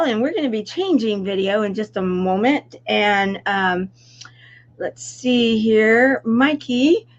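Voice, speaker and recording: A woman's voice: mid-range voice, highs cut off. A woman hosting a live charity stream, apologizing and improvising through a video change. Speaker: host.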